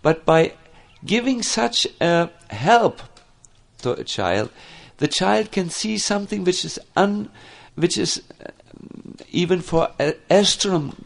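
Guy preaching a devotional talk, high lively voice, slow and gravelly. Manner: slow, animated storytelling with many fillers and restarts. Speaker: spiritual teacher. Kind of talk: devotional lecture.

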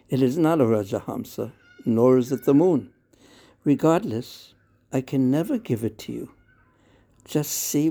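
A tender storybook mother, soothing and patient, explaining slowly to her small son, voiced by a man. the voice is dark and mellow with a gravelly, husky grain. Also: medium pitch. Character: gentle loving mother of the child.

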